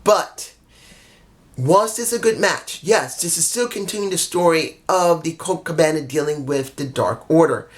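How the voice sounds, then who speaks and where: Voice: mid-range voice, unhurried. A tired vlogger recapping a wrestling show to camera, blunt and emphatic, swearing freely.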